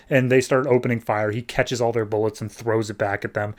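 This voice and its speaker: A man's voice: mid-range voice, steady tone, brisk. A man hosting a podcast, recapping a comic issue in a casual, chatty, wry way. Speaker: podcast host.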